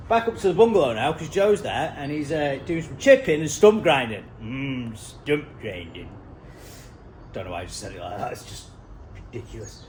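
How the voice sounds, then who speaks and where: A man's voice: a little high, a little mellow, slight background noise. A man giving a chatty, self-mocking running commentary on his building work. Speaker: vlogger.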